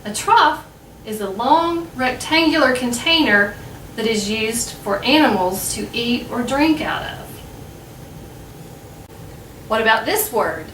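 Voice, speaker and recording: Slow, clear American woman teacher. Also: a bit bright, echoey room, recorded from a distance, slight background noise, rough recording. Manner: patient, rises in pitch on key words. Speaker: English teacher and host.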